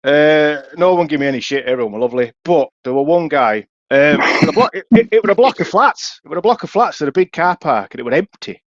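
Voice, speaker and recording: A man's voice: a little high, fast talker, hardly any pauses, dry recording, lo-fi sound. A young Yorkshire man, a podcast co-host, telling a casual story and swearing freely. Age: young adult. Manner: swears freely, lively anecdotes.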